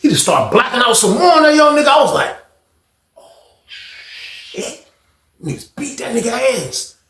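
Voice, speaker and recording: A man's voice: extremely high pitch, big pitch swings, fast, a bit bright, roomy sound. A man hosting a casual storytime vlog, telling it loose and slangy, saying "man" often. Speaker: storyteller host.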